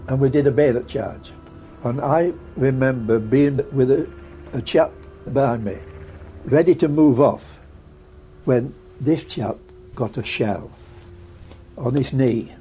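A man's voice: medium pitch, slow pace, pauses often, dark tone, faint music behind, rough recording. An older man telling his story in a rambling, vivid way with repeats during an interview. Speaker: war veteran interviewee.

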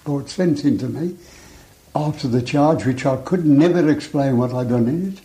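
An older man recalling events in a halting, plain-spoken way in an interview. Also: on the high side, dark tone, poor audio. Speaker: war veteran interviewee.

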